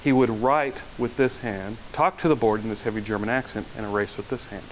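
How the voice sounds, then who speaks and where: Faint noise runs through this dull lo-fi lecture recording of a man speaking at a fairly low pitch with fairly even intonation, a little fast. He's a university lecturer who talks conversationally, asking his class questions and telling anecdotes.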